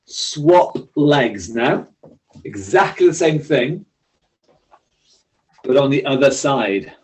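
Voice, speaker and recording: A man's voice: medium pitch, lively intonation, takes it slowly, poor audio. A man instructing a seated exercise class, giving friendly, encouraging, step-by-step cues. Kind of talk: leading a seated workout class.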